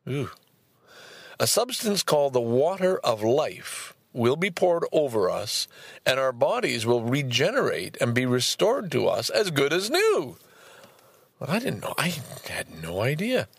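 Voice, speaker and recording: Gravelly man reading aloud with outbursts. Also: mid-range voice, measured pace, dry recording. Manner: exasperated outbursts between calm reading; swears often. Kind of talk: reading a book aloud and commenting.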